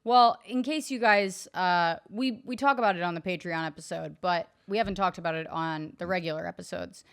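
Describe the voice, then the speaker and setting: A woman co-hosting a podcast in a studio, chatting casually and ribbing her co-host with deadpan teasing. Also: lowish voice, a little fast, hardly any pauses, smooth. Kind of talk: casual comedic chat.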